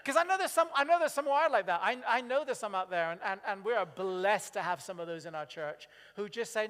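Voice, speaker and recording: In a church hall full of long reverb, a pastor gives a chatty sermon, often questioning the congregation and performing little quotes. His voice sits high, animated and fairly bright, moving a little fast with few pauses.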